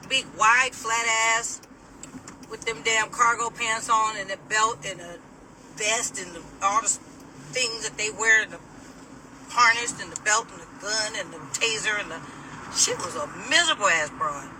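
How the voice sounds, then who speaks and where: A middle-aged woman telling a personal story to camera in a casual, animated, sassy way, laughing as she mimics people. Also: mid-range voice, moderate pace, far from the mic, slight background noise, poor audio.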